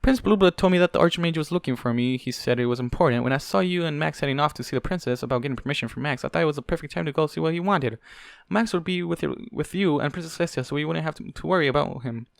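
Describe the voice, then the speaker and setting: A man's voice: fairly high pitch, fast talker, gravelly, no room sound, studio quality, voice pushed up. A man reading a fanfic aloud, voicing an anxious young female unicorn guard who pleads and apologizes. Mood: defensive.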